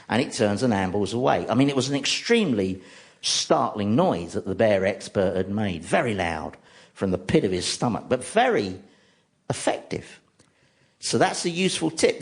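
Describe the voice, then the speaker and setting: Speaking in a lowish voice, this wry comedy host from London, England delivers deadpan comic stories as a stand-up monologue on the radio. Steady background noise sits beneath the recording.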